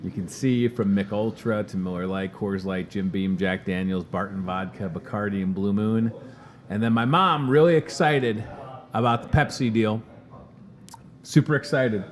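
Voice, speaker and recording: A man's voice: fairly low pitch, fairly even intonation, moderate pace. A man hosting a supermarket promo show, talking in a chatty, upbeat, salesy way about the week's deals. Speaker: store promotions host. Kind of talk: upbeat in-store promo chat.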